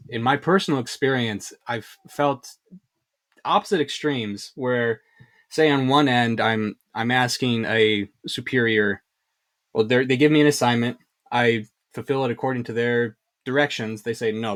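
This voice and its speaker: A man hosting an interview, asking a long question in a hesitant, thoughtful way. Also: medium pitch. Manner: thoughtful, hesitant phrasing with light laughs. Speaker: podcast host.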